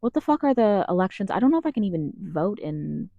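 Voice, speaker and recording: In her closet, a young American woman vents in an angry vlog rant full of swearing, rambling and constant restarts. Her medium-pitched voice is sing-song, creaky and warm at a quick pace, and the audio is dull with no echo.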